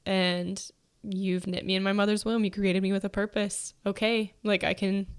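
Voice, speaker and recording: A woman's voice: mid-range voice, level tone, moderate pace, smooth. Young female host, pregnant, loose conversational delivery full of fillers. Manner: chatty, many fillers and likes. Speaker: podcast host. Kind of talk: casual faith-based chat.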